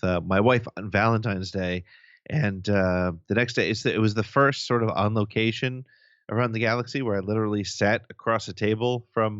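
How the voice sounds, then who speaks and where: Enthusiastic low-voiced male co-host, muffled. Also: no room sound. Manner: enthusiastic, filler-heavy. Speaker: podcast co-host. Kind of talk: casual podcast chat.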